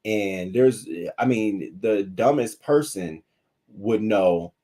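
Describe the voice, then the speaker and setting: A man hosting a casual livestream news commentary, animated and profane, talking to his viewers between stories. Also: on the low side, slow pace.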